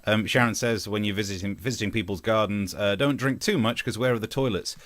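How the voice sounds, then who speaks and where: A man's voice: on the low side, a little fast, a bit bright, no room sound. A man co-hosting a casual comedy news chat, joking, laughing and reading out viewer messages. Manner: jokey, laughs often, reads viewer messages. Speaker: co-host of comedy news show.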